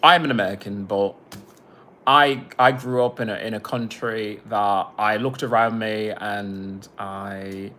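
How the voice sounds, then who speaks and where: A man's voice: on the low side, steady tone, measured pace, sharp tone, a little hiss or hum. A man who makes his own music, chatting casually on a livestream. He rambles, swears freely and breaks off to greet viewers.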